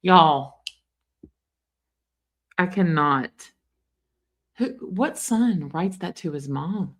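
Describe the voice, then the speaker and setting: A woman gives live-stream commentary on a trial. Her voice sits low and gravelly with plenty of vocal fry. She is chatty and exclaims often, talking straight to her viewers. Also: lively intonation, slow pace. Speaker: true crime commentator.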